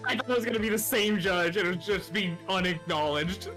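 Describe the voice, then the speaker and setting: A woman streaming a game, chatting excitedly and swearing casually while reading dialogue aloud. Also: mid-range voice, brisk. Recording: game music playing behind.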